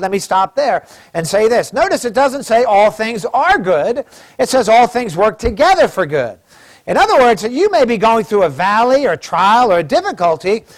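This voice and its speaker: A man preaching a sermon as pastor, reading scripture aloud slowly and with emphasis. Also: very high voice.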